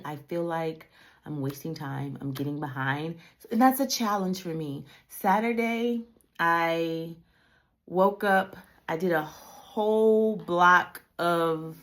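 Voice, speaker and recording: A woman's voice: medium pitch, a bit bright. A middle-aged woman hosting a casual reflective talk, telling candid stories and acting out quoted voices. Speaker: host.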